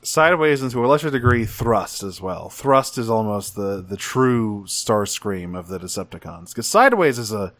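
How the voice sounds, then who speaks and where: A man's voice: fairly low pitch, big pitch swings, moderate pace, hardly any pauses, fairly bright tone, no echo. Dry-sounding man in casual chat. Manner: enthusiastic, rambling, swears casually. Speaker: podcast co-host.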